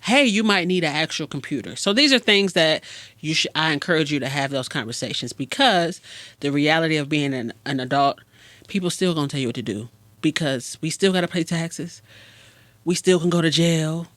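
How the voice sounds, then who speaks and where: Lively, frank podcast therapist. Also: medium pitch, moderate pace, dry recording. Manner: frank, animated, acts out dialogues. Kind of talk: casual advice monologue.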